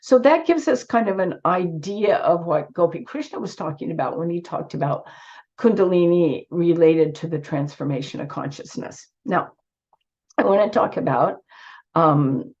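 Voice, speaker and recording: A woman speaks with earnest emphasis in an online lecture, often restarting her sentences. Her fairly low voice sounds squeaky from a cold. The sound is dull and lo-fi, as over a video call. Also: lively intonation, moderate pace, a little mellow. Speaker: speaker giving a talk.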